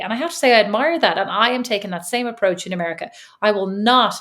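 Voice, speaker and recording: Irish woman, middle-aged, podcast co-host, teasing, animated storyteller. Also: mid-range voice, fast. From Ireland. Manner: teasing, animated storyteller doing family voices. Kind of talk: casual chat.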